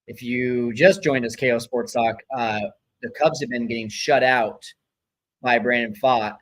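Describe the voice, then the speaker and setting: A man's voice: mid-range voice, measured pace, low-quality recording. A man hosting a live baseball watch-along stream, cheering, griping about players and reading out viewer chat messages. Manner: excitable, swings from cheering to griping; reads out viewer chat names. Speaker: live stream host reacting to a baseball game.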